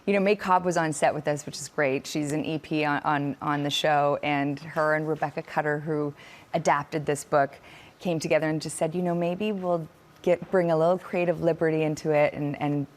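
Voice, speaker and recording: Actress on a talk show, pretty low voice, easygoing and chatty, lots of ums. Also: female voice, fairly quick. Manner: chatty, relaxed, with fillers. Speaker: actress guest. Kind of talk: casual talk show interview.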